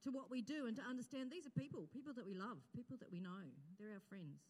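A woman's voice: fairly high pitch, expressive, quick pace, darkish tone. A woman leading church outreach, talking to a congregation in a chatty, grateful way with fillers and laughs. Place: church auditorium. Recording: long reverb in a large hall.

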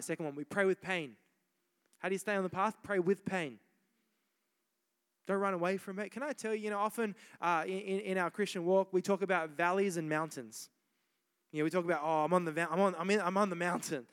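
Energetic Australian preacher in a reverberant hall. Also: male voice, sits high, clean tone. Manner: energetic, repeats himself, exhorting "come on". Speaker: pastor. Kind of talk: sermon. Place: large church hall.

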